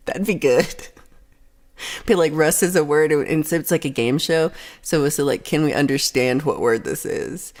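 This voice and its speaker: A woman's voice: low-pitched, normal speed, few pauses, darkish tone. A woman hosting a livestream, chatting casually and reading out viewer comments in a rambling, chatty way. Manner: rambling, chatty, frequent restarts and laughs. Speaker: livestream host.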